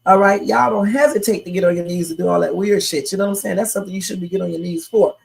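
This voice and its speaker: Woman host, live reaction stream, opinionated and chatty, gravelly edge. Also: mid-range voice, steady tone, very fast, low-quality recording. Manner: chatty, opinionated, talks to viewers as y'all. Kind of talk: casual live reaction commentary.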